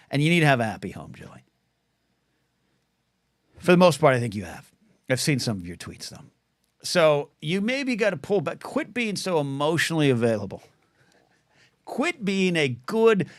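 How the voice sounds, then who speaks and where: Answering questions from his livestream viewers, this solo podcast host is jokey and meandering, constantly cutting himself off and restarting. He speaks in a mid-range voice, captured in clean studio quality with no echo.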